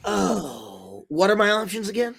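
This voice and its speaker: A man's voice: high voice, very animated, unhurried, gravelly, fairly bright tone, breathy edge. A man guesting on a podcast, laughing a lot and blurting out answers with casual swearing.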